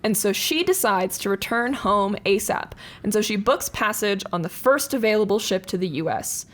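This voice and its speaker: A woman's voice: mid-range voice, animated, moderate pace. A young woman co-hosting a podcast, telling a history story in a casual, chatty way with lots of fillers and laughs.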